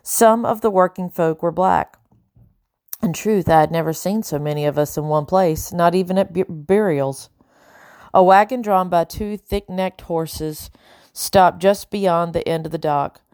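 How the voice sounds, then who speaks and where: A woman narrates a first-person audiobook with steady, measured delivery and a slightly low voice. She sits close to the mic, and the sound is dry, without echo or any sense of a room.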